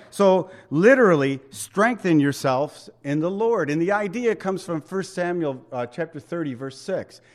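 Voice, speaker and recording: A man's voice: a little high, lively intonation, moderate pace, hardly any pauses. A man preaching a sermon in a conversational, emphatic way, asking the congregation rhetorical questions. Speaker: pastor.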